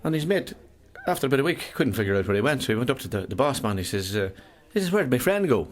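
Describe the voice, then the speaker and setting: A man with an Irish accent telling jokes as a stand-up comedian, rambling quickly through stories with frequent restarts. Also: medium pitch, expressive.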